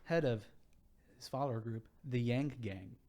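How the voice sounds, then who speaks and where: A young man hosts a casual podcast, working through a rundown of candidates. He reads it out in a sarcastic tone and drops profane asides as he goes. His voice sits at an ordinary, middle pitch. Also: a little slow, mellow. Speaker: podcast host. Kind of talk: casual chat.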